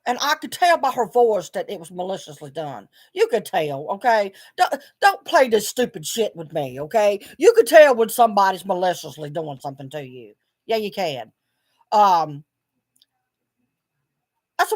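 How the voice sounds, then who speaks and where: A woman's voice: mid-range voice, very animated, normal speed. A middle-aged woman speaking bluntly in a video journal, swearing often as she vents her frustration. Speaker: vlogger.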